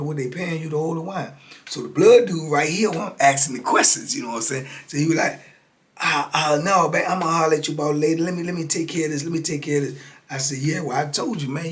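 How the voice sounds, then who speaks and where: An older American man tells a story in a loose, animated way and jumps into the other voices as he goes. His talk is full of street slang, and his voice sits at an ordinary pitch for a man. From United States. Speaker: storyteller sharing prison experiences. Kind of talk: casual storytelling.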